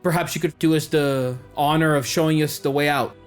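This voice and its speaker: Guy putting on a higher, brash lady adventurer, swears a lot, bossy and quick. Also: fairly even intonation, clean tone, faint music behind, close to an everyday voice. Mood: brisk. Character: brash stranded adult woman adventurer, blunt and swearing.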